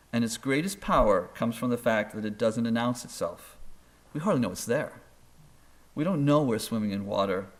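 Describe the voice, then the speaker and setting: A male author and professor giving a public lecture in a school auditorium, telling anecdotes with dry humor and building points through emphatic repetition. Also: on the low side.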